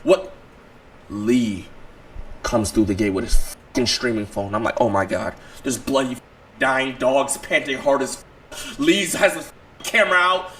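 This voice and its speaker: A man telling a wild personal story to his stream in casual, profane slang, swinging from low mutters to loud outbursts. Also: measured pace, long pauses.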